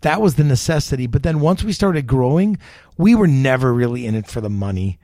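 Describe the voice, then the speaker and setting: A middle-aged chef and restaurateur, a man, telling stories in an interview and acting out the people in them with lively energy. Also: mid-range voice, a little fast, dry recording, studio quality. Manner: animated, acts out the people in his stories. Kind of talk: storytelling interview.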